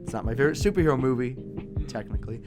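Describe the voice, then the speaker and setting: A man's voice: mid-range voice, animated, music in the background. Man in casual chat, trailing off. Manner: halting, fillers, trails off quietly. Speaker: podcast co-host.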